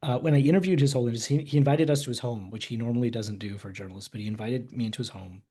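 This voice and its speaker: A man who speaks as a guest on a webinar, telling a personal story in an animated way with frequent restarts. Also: mid-range voice, very fast, slightly rough.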